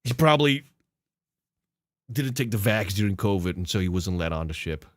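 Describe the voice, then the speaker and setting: A man hosting a casual podcast, reacting to clips in a sarcastic, mocking way. He swears freely and often laughs. His voice sits a little low and sounds dry and close to the mic. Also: lively intonation, normal speed, no room sound. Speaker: podcast host.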